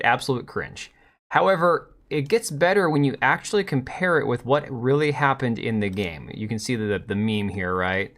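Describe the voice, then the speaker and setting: A man's voice: mid-range voice, fairly bright tone. A man hosting a casual live stream, reacting to clips with sarcastic, mocking remarks and talking to viewers. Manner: sarcastic, mocking, chats to viewers and his cat. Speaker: streamer host.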